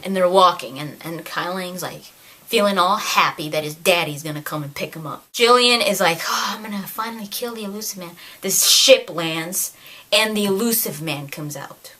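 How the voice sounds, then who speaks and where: A woman giving an animated, exasperated review of a novel in a casual rant, acting out characters' lines along the way. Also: fairly low pitch, moderate pace. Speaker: video creator reviewing a novel. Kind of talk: casual ranting book review.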